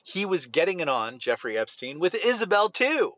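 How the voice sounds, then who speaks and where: A man's voice: sits high, very animated, normal speed, a bit bright. A man co-hosting a casual podcast, talking sarcastically and often cutting in. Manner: sarcastic, interrupting, mock voices. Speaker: podcast co-host. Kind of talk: casual conspiracy podcast chat.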